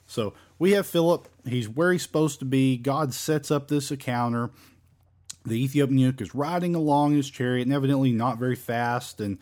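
A man's voice: medium pitch, moderate pace, a little mellow. A man teaching a Bible study in a casual, rambling way, with many fillers and restarts, into a home microphone. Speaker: Baptist preacher.

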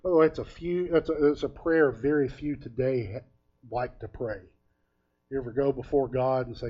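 A man delivers a relaxed, conversational sermon and drifts easily into homespun stories, pausing often to find his words. His voice sits at an ordinary middle pitch. The recording sounds dull and lo-fi. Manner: folksy storytelling with frequent hesitations. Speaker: preacher.

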